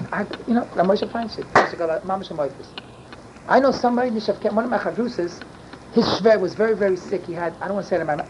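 An older man telling a rambling story at a fast clip, often rising into emphatic near-yelling. His speech is peppered with Yiddish and Hebrew words. The recording is dull and lo-fi, with loud background noise. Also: high-pitched. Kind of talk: animated storytelling.

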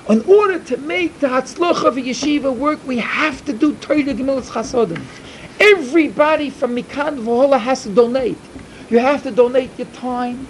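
A middle-aged man giving an emphatic storytelling sermon to a yeshiva, repeating his points and swinging from loud to hushed. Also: extremely high pitch, a little hiss or hum, low-quality recording. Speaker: yeshiva speaker.

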